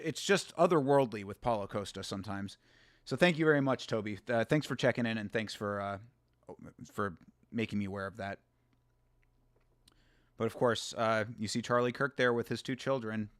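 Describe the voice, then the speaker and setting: A man's voice: mid-range voice, fairly bright tone, no room sound. Male host, casual and blunt, swears freely, dry close sound. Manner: casual, blunt, profane, halting restarts. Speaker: show host. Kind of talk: live commentary on clips.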